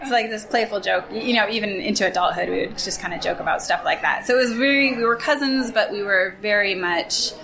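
A woman sharing lively childhood stories about her cousin in a casual interview, laughing as she goes. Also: mid-range voice, a little fast, gravelly, hardly any pauses, a crowd in the background. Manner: animated, laughing storyteller. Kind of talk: casual storytelling. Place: Tacoma, Washington area.

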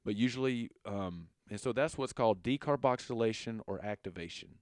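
Low-voiced Southern man explaining casually. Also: a little fast, no echo, clean studio sound. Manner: relaxed, filler-heavy, stumbles on long terms. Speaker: educator.

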